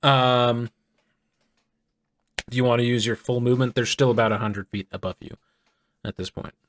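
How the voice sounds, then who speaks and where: A man running a tabletop game as game master, narrating the scene in a relaxed way with frequent ums and uhs. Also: mid-range voice, normal speed, slight background noise.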